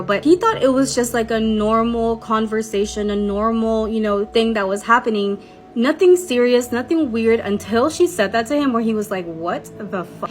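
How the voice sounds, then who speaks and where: Chatty woman telling a creepy story. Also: medium pitch. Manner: chatty, animated, quoting others in quick bursts. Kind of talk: casual storytime retelling.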